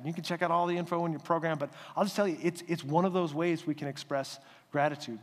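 Man preaching in an echoing church. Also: on the high side. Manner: conversational, animated storytelling. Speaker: pastor. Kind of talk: sermon. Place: church sanctuary.

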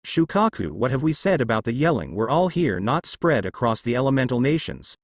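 A man's voice: medium pitch, very animated, brisk, no echo, studio quality. A man voicing a respectful female two-tailed fire cat spirit with a polite manner.

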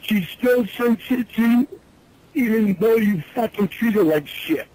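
A man with a notably high-pitched voice in a heated phone argument. He yells, swears heavily, and repeats himself in angry bursts. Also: a little slow, no echo, rough recording. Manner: yelling, heavy swearing. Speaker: caller in archived phone recording.

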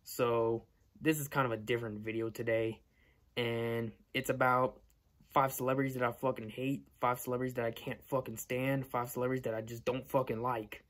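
A man's voice: mid-range voice, flat delivery, normal speed, fairly bright tone. A young man in his late teens ranting casually to camera, profane and blunt, repeating himself often. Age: young adult. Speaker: vlogger.

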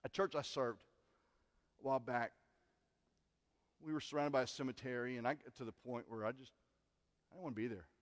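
Earnest pastor in a reverberant church. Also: male voice, medium pitch, steady tone, a little fast, long pauses. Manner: earnest, shifts from loud emphasis to hushed asides. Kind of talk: sermon. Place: church sanctuary. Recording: long church hall reverb.

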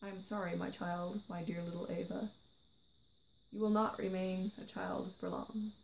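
A woman reading the lines of a kind, worried man who looks after a gifted girl, softly and gently. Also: fairly low pitch, level tone, normal speed, vocal fry, lo-fi sound, a little hiss or hum. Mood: sorrowful. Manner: soft, gentle, hushed delivery.

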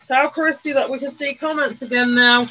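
A woman's voice: sits high, fairly even intonation, normal speed, bright, forceful tone, soft background music, rough recording. A woman chatting casually on a makeup live stream, greeting viewers by name and bursting into little sung bits. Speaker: livestreamer doing makeup.

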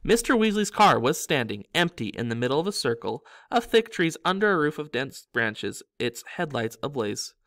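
A man's voice: medium pitch, normal speed, few pauses, no room sound. Man reading a story aloud, dry sound. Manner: lively storytelling with slips and self-corrections. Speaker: reader. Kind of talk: audiobook reading of a novel.

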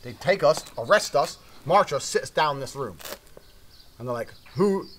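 A man's voice: mid-range voice, animated, moderate pace, fairly bright tone, a little hiss or hum. A man from Britain telling a brash, profane story with heavy emphasis.

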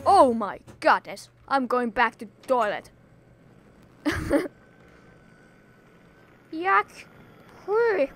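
A woman's voice: on the high side, sing-song, very slow, pauses often, fairly bright tone. A woman hosting a Minecraft let's play in a put-on, theatrical voice, scolding enemies and exclaiming dramatically, in slightly non-native English. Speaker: gaming video host.

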